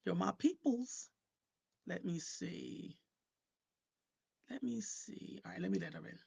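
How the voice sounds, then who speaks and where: A woman hosting a live online talk show, chatting with viewers and guests in an animated, conversational way and often repeating words as she starts a thought. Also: on the low side, slow, creaky, breathy edge. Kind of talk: casual livestream talk.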